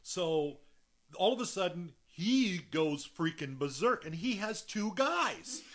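A man telling a wild story in casual chat, animated and profane, laughing often and acting out voices. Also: high-pitched, slow pace.

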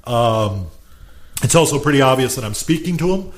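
A man telling a story in casual chat, animated, acting out quotes and laughing often. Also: mid-range voice, normal speed.

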